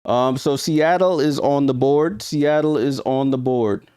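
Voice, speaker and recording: A man's voice: mid-range voice, a little slow, warm tone, clean tone, no room sound, clean studio sound. A man with a New York accent hosting a live stream, giving casual reaction commentary, thinking aloud and talking to his viewers with hesitant ums. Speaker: livestream host.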